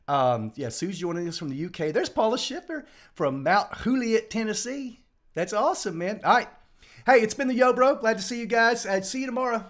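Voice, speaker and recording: A middle-aged man, hosting a live home stream in a rambling, joking way. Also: high voice. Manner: joking, rambling, quick swings between loud bursts and quiet asides. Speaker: host of a daily live show. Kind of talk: casual live-stream chat. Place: home room. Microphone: live stream over home internet.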